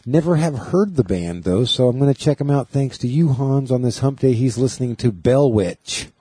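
Joking, crude man with a husky voice. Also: medium pitch, expressive, moderate pace, warm tone, no echo. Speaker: podcast co-host. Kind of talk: casual chat.

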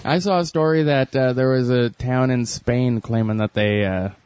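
A man's voice: mid-range voice, normal speed, clear, resonant tone, no room sound. Chatty man, dry close recording. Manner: chatty, trivia-sharing, relaxed. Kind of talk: casual comedic chat.

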